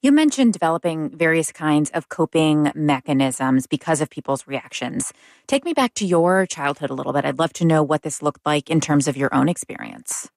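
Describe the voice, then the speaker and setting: A woman's voice: deep voice, lively intonation, moderate pace, gravelly, no echo, studio quality. A woman hosting an interview, asking curious and inviting questions. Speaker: interview host.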